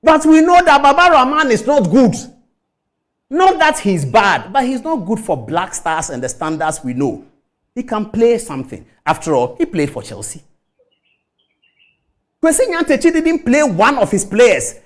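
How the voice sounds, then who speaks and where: A man's voice: very high-pitched, very animated, normal speed. A man from Ghana giving impassioned, indignant commentary with rhetorical questions. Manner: indignant, rhetorical, mimics others in quotes.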